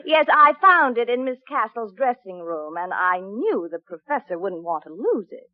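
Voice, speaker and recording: A woman's voice: mid-range voice, big pitch swings, normal speed, close to an everyday voice. An actress playing a nosy, sly showgirl with a knowing way of talking. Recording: lo-fi old radio with audience.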